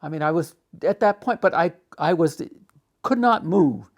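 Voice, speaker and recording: An older man in a documentary interview, telling a personal story with halting restarts and rising agitation. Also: on the high side, lively intonation.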